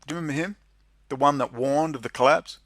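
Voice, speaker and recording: A sarcastic man reads out a policy document and tears into it line by line, his voice sitting a little high for a man. He swings from low, muttered asides into shrill, mocking laughter. The sound is dry and close, with no room around it. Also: fast talker, a bit bright, dry recording. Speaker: political commentary vlogger. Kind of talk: ranting commentary over a read-out document.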